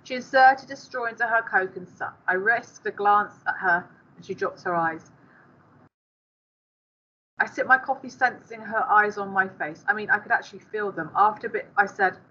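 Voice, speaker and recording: Bright-voiced woman teacher reading aloud. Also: medium pitch, moderate pace, slightly rough, lo-fi sound. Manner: stops the reading to speak to pupils. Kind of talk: reading a novel aloud to a class.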